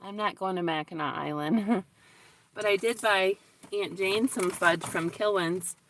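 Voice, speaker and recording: Speaking unhurriedly in a medium-pitched voice, a woman vlogs from a lakeshore in a casual live-stream chat, shivering in the cold. She chats away and bursts into gushing exclamations, all recorded on her phone camera with heavy wind noise.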